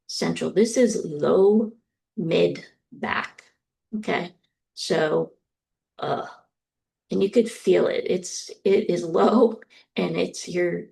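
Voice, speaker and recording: A woman's voice: on the low side, vocal fry, a little mellow. A middle-aged woman from the US East Coast giving a university lecture, explaining steadily with frequent ums. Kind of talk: recorded lecture.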